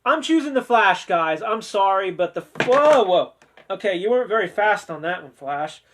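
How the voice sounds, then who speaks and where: Male host, high voice, casual joking chat with sarcastic asides, sincere streak. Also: lively intonation, fairly quick, fairly bright tone, slight background noise. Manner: chatty and joking, with playful sarcasm. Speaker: host of a discussion video.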